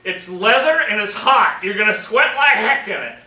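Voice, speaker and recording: A man's voice: sits high, expressive, sharp tone, recorded from a distance, voice pushed up, exaggerated voice. Older man quoting his scolding Texan wife. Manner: brisk, scolding. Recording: echoey room, recorded from afar.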